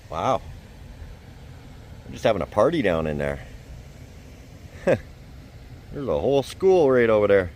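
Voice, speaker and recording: A man's voice: mid-range voice, darkish tone. Chatty middle-aged man vlogging outdoors. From Canada. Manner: chatty and self-deprecating, often chuckling. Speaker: travel vlogger. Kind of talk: casual vlog walk-and-talk. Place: outdoors at a fish hatchery, cold wind.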